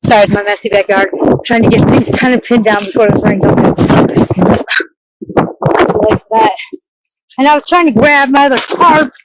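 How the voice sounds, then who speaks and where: High-voiced woman venting on a phone livestream. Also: heavy background noise. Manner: frazzled, swearing, quick to vent. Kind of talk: casual live-stream chat. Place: outdoors in a yard in the rain.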